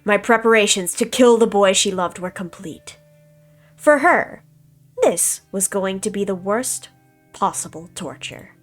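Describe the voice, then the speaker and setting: A woman's voice: medium pitch, fairly even intonation, normal speed, soft background music. A woman reading a visual novel aloud dramatically, in a menacing, taunting tone. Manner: menacing, taunting villain narration. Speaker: game streamer reading aloud.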